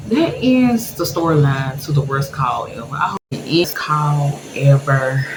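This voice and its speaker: A woman vlogger telling her viewers a personal story in a candid, emotional way, laughing through sad memories. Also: rumbling low. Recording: echoey room with background noise.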